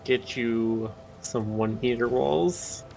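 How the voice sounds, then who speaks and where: A man's voice: mid-range voice, takes it slowly, creaky, a little mellow, faint music behind. A man hosting a live game stream, chatting casually and joking while giving building tips to his friends. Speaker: streamer host. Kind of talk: casual gaming chat.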